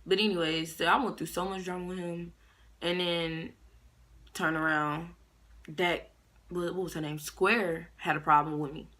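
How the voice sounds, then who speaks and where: Young woman doing a storytime vlog, bright voice, lots of slang, acts out what ppl said. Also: fairly low pitch, normal speed. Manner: animated, slangy, acts out quotes in raised voices. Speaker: vlogger. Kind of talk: casual storytime monologue.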